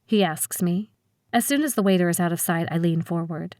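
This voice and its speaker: Audiobook narrator: woman, first person, lowish voice, steady and measured, dry close read. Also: dry recording.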